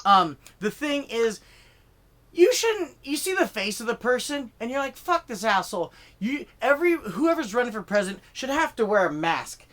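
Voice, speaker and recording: A man's voice: very high voice, big pitch swings, moderate pace, fairly bright tone. A man doing a profane comedy rant to camera, fired up and rambling with lots of fillers and swearing. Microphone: filming himself on camera.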